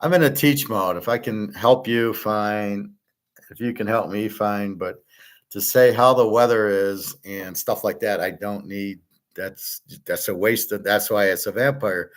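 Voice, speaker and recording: A man's voice: on the low side, a little slow. A man hosting his own show, talking in a blunt, opinionated, rambling monologue full of fillers and restarts. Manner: mimics others in quoted asides. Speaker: host.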